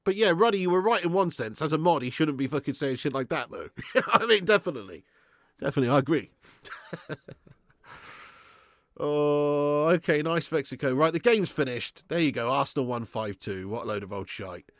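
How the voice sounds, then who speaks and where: A man's voice: a little high, animated, moderate pace, no echo, clean studio sound. A man hosting a casual live watch-along stream, bantering with chat, reading out super chats and swearing freely.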